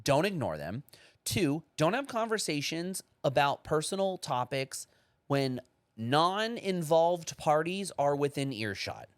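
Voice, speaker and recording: Man ranting with wildly swinging pitch. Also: measured pace, dry recording, studio quality. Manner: animated ranting, profane, acts out other people. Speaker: podcast co-host. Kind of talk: casual chat.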